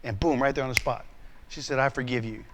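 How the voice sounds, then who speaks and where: A man's voice: medium pitch, steady tone, quick pace, a bit bright, a little hiss or hum. A male pastor preaching a sermon, telling a personal story with acted voices and frequent restarts.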